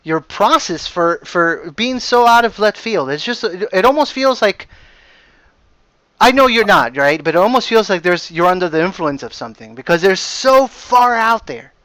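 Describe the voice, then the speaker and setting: A man's voice: high-pitched, normal speed, dry recording. Upbeat, laughing male podcast host. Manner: laughs often, animated and enthusiastic. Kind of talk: casual chat.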